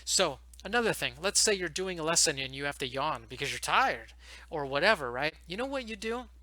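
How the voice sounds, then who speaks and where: A man and online English teacher giving fast, animated, casual advice to new teachers, talking into a headset from home. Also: on the high side, a little hiss or hum.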